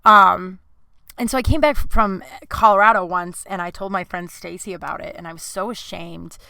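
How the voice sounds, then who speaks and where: Woman podcaster talking it out, teary, lots of "like", bright crisp voice, super dry closet sound. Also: fairly low pitch, steady tone, moderate pace, no room sound. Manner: emotional, tearful, many "like" fillers. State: crying at times. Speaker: podcast host. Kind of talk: personal confessional monologue. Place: closet at home.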